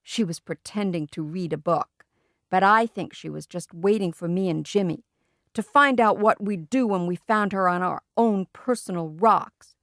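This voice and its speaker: Steady woman reading a storybook. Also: lowish voice, moderate pace, dry recording, studio quality. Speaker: audiobook reader. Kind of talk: children's book read-aloud.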